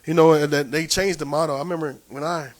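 Middle-aged New York pastor, high voice, church preacher who builds to shouted refrains. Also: male voice, steady tone, fast, rough recording. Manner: preaching with rising, shouted passages and repeated refrains; frequent "uh" fillers and restarts. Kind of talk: sermon.

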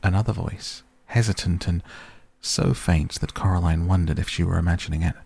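A man reading a story aloud in a slow, grave, measured way, with a gravelly voice. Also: a little mellow, dry recording. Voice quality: deep, gravelly, husky voice. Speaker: narrator. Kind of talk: audiobook narration.

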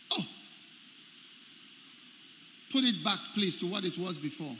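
In a large, echoey hall with faint ambience and a little hiss or hum, a man preaches a sermon in a high, bright, sing-song voice, somewhat slow with long pauses. His pitch swings widely as he emphatically repeats key phrases, and he keeps quizzing the congregation to check they're following.

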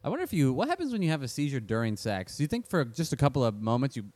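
Lively-voiced man riffing on a podcast. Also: mid-range voice. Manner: playful, quick riffing, laughs often. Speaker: podcast co-host. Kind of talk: casual comedic chat.

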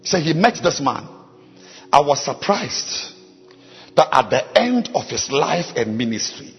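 A man pastor preaching a sermon, swinging from emphatic declarations to hushed asides and praying in tongues. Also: mid-range voice, creaky. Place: large church. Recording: muffled recording, long hall reverb, faint music.

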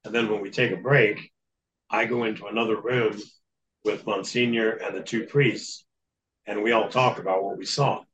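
A man's voice: fairly low pitch, steady tone, moderate pace, fairly bright tone, muffled recording, a little hiss or hum. A man speaking as a guest in an interview, telling a long story in an earnest, matter-of-fact way. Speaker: guest recounting exorcism experience.

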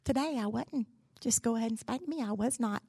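A woman's voice: a little high, a little fast, creaky, mellow, husky, no echo. Folksy woman telling sermon stories. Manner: folksy, candid and humorous. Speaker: speaker, pastor's wife. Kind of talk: sermon-style devotional storytelling.

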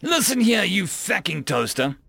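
A man voicing an exhausted, furious male crewman who shouts and swears at a machine. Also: high voice, very animated, fairly quick, gravelly, no echo, soft background music, exaggerated voice.

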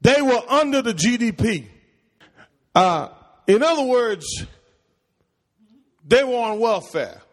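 A man's voice: very high-pitched, big pitch swings, slow pace, pauses often. A man preaching a call-and-response sermon in a church, calling questions to the congregation for them to answer. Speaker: pastor. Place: church sanctuary. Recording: long hall reverb.

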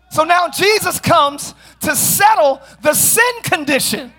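A very high-pitched middle-aged pastor delivers a sermon in a church sanctuary with lively intonation, speaking slowly with few pauses. He shouts frequently and throws playful asides to the congregation.

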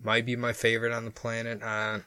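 Bright, laughing Iowa man on a podcast. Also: mid-range voice, a little fast, smooth, no room sound. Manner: laughs often, rambling and animated. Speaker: podcast co-host. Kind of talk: casual chat.

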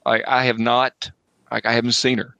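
A man's voice: mid-range voice, flat delivery, moderate pace, gravelly, bright, forceful tone, dry recording, poor audio. A man voicing a crude, defensive middle-aged pawnshop owner and father who rambles, swears and gets flustered in a tabletop game.

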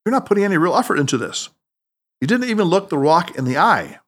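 Guy reading a wise playful mentor, teasing and pushy, bouncy lively pitch. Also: brisk, full character voice. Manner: teasing, emphatic, gently insistent. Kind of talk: audiobook character reading.

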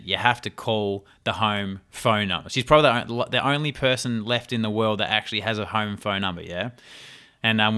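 A man's voice: on the low side, bright, forceful tone, clean tone. A young man hosting his own podcast, talking casually in a rambling, chatty way and often laughing. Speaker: podcast host. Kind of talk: casual solo podcast talk.

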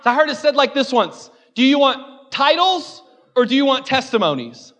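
A high-voiced male pastor preaches a sermon in a church. He slips in playful, joking asides and then climbs into fervent, repeated refrains. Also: very animated, normal speed, a bit bright.

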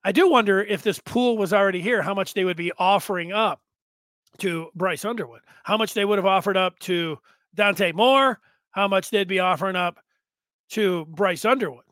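Animated high-voiced male sports talk host. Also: normal speed, no echo. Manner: rambling, animated, with sudden loud bursts. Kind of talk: casual sports talk monologue.

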